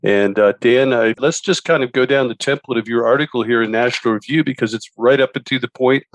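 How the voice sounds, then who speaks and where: A male host leading an interview, casual and halting. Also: medium pitch, dry recording. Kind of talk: conversational interview.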